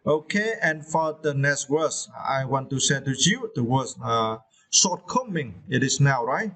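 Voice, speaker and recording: A man teaching English vocabulary, pausing often with fillers and checking in with "right?". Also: mid-range voice, lively intonation, fairly bright tone. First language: Vietnamese. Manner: hesitant, many fillers and tag questions. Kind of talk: vocabulary lesson.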